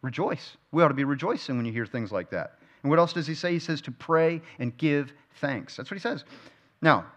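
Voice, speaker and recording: A man's voice: on the high side, lively intonation, fairly quick. A man teaching a verse-by-verse Bible study. He keeps asking his listeners questions and repeats key phrases for emphasis. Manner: asks the listeners frequent rhetorical questions.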